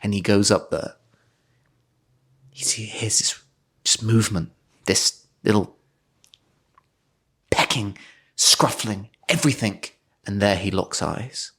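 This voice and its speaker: A man's voice: on the low side, takes it slowly, long pauses, husky. A man co-hosting a podcast, improvising a comic story in a mock-dramatic way. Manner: animated, breaks into laughter, mock-dramatic. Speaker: podcast co-host.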